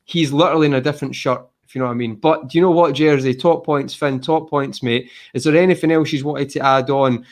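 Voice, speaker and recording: A man hosting a casual football podcast, animated and emphatic, calling everyone mate. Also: mid-range voice, quick pace, hardly any pauses. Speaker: podcast host.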